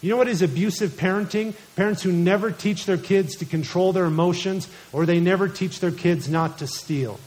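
A man's voice: high voice, normal speed, few pauses, a little mellow, low-quality recording. A man in his thirties preaching a sermon, telling illustrative stories from family life and quoting scripture in an earnest manner. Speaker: pastor.

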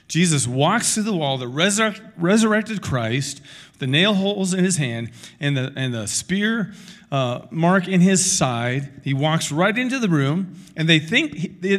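A middle-aged male pastor preaching a sermon in an animated, conversational way, with asides to the congregation. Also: on the high side.

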